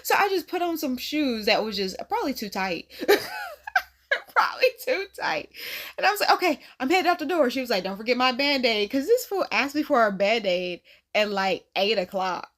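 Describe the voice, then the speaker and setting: A woman in her thirties telling a casual storytime to camera, laughing often and acting out the people she quotes. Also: moderate pace. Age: 30s. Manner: animated, laughing, acts out quotes in a higher voice. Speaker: vlogger.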